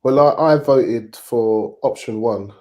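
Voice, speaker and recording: A British man on a boxing talk show panel, measured and sceptical in tone. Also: medium pitch, dull audio.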